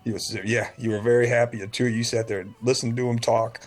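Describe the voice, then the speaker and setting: A man's voice: medium pitch, flat delivery, fast. A man co-hosting a casual podcast chat, telling rambling, profane stories and mimicking the people in them. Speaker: podcast co-host.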